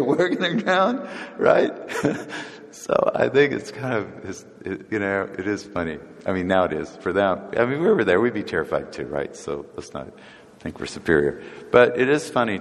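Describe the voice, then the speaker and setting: A man's voice: on the low side, big-room sound. A man preaching a casual, conversational sermon, often chuckling and acting out the voices of people in the stories.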